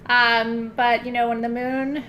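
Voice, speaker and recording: A woman's voice: a little high, little pitch movement, a little slow, a bit bright, a little hiss or hum. Laughing, joking woman host. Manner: joking, self-mocking, swears casually, laughs often. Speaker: host of an online spiritual ceremony. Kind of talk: live-streamed casual chat.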